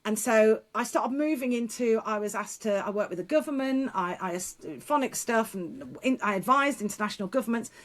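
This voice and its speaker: A middle-aged woman with a fairly high voice talks as an interview guest, a speaker and one-time teacher. She tells her stories frankly and bluntly, breaking into laughter, restarting her sentences and letting a mild swear word slip in. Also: lively intonation, moderate pace, few pauses. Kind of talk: casual interview storytelling.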